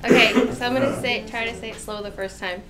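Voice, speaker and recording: A woman's voice: a little high, steady tone, fast, roomy sound, over a noisy crowd. A woman from the school office repeating a tongue twister, giggly and flustered. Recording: noisy live stream audio.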